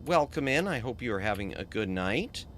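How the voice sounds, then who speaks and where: A man's voice: mid-range voice, big pitch swings, moderate pace, fairly bright tone, a little hiss or hum. A man streaming a video game as a VTuber, chatting casually, thinking aloud and thanking his chat.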